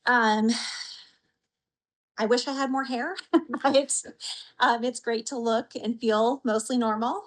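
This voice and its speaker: A woman from Idaho, a patient giving an earnest, heartfelt personal account in an interview, pausing with soft fillers. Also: on the high side, steady tone, low-quality recording. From Idaho, USA.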